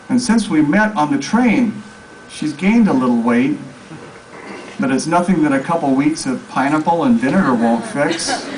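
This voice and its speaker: A man reading his own story aloud at a live public event, telling it in a deadpan way. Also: fairly high pitch. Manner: deadpan storytelling, crowd laughing along. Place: live reading venue with audience. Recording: distant mic with loud crowd and noise.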